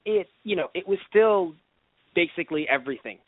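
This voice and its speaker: A man's voice: sits high, fairly quick, no echo. A man co-hosting a live radio show, chatting casually and animatedly. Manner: animated, enthusiastic rambling. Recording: tinny phone-like sound, dry.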